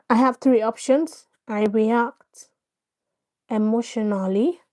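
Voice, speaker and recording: A woman's voice: on the high side, warm tone. A woman hosting a casual live stream, addressing her viewers directly, coaxing them to respond and often repeating herself.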